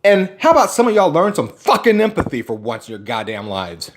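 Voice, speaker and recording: A man's voice: fairly high pitch, wildly swooping pitch, brisk, a little hiss or hum. A man delivering an angry, profane, sarcastic rant on his vlog. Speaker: vlogger ranting about roleplay community.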